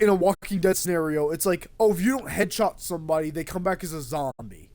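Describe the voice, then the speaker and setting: Young man, streamer, high voice, jumpy pitch, casual rambling, swears a lot. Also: lively intonation, fast, hardly any pauses, a little mellow, no echo. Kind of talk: casual gaming stream chat.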